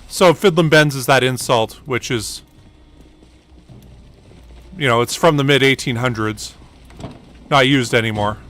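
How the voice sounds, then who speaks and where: A man's voice: mid-range voice, bright, forceful tone, slight background noise. A man giving casual gameplay commentary, rambling through a story with lots of ums and uhs. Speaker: gaming channel host.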